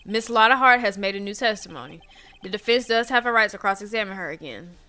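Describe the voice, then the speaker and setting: Woman reading a measured older judge from a game, formal tone. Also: mid-range voice, pushed and bright, lightly acted.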